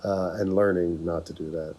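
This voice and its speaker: A man's voice: sits low, steady tone, normal speed, noisy background. American man, podcast co-host, casual rambling chat, jokey.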